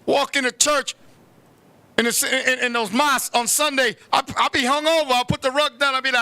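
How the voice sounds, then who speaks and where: A man hosting a comedy show, ranting loudly and brashly, swearing freely and sometimes breaking into chants. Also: very high-pitched, fairly even intonation, moderate pace, gravelly, no echo. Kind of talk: comic rant.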